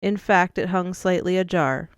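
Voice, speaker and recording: A woman narrating an audiobook in a measured, expressive storytelling manner, close to the mic. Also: fairly low pitch, clean tone, dry recording. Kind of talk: scripted narration.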